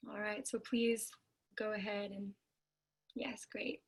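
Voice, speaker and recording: A woman facilitating an online group video call, emotional and gently guiding the participants. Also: mid-range voice, flat delivery, slow pace, breathy edge, poor audio. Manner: warm, emotional, gently instructive.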